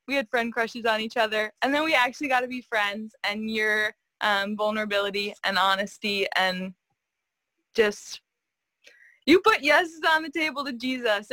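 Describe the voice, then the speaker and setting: A young woman on a video call gives affectionate thanks to friends in a soft, unhurried way. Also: on the high side, dry recording, poor audio. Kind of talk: heartfelt casual tribute.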